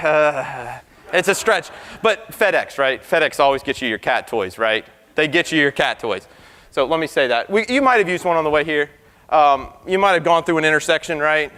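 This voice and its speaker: A computer science professor giving an animated debate speech, firing rhetorical questions at the crowd. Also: male voice, sits high. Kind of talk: lively debate speech to an audience. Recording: reverberant hall.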